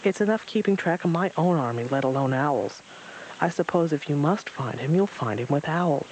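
A high, shrill storybook rabbit who frets and bosses everyone about. He is male, excitable and quick to stammer, voiced by a man reading aloud. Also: slight background noise, lightly acted, poor audio. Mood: irritable. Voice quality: shrill, stuttering when scared.

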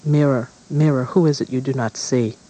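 A man voicing a devout witch queen stepmother, coaxing and pleading in a dark storybook. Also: mid-range voice, steady tone, moderate pace, lightly acted, poor audio. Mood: commanding.

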